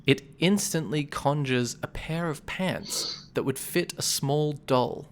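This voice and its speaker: A game master narrating a tabletop game, relaxed, with loose narration and easy laughter. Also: medium pitch, slow pace.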